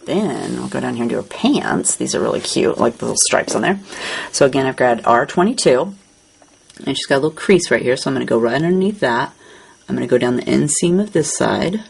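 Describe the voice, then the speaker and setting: A woman hosting a craft tutorial, calmly narrating each coloring step as she works. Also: very deep voice, brisk, creaky, slight background noise, rough recording.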